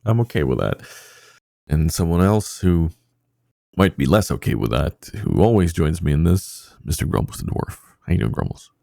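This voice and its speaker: A man's voice: rumbling low, animated, moderate pace, gravelly, mellow, dry recording, studio quality. A man hosting a casual podcast, rambling with many fillers and poking fun at himself. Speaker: podcast host.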